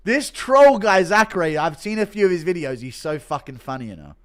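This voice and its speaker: Male host reacting live, brash and profane, with a fairly high voice that swings widely. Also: a little fast. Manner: excitable, profane, loud bursts. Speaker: streamer host.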